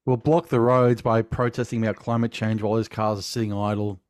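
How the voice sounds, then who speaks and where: A man's voice: lowish voice, little pitch movement, a little fast, clear, resonant tone, no echo. Podcast guest: Australian man, blunt banter, dry close sound. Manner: blunt, swears freely, teasing. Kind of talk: casual chat.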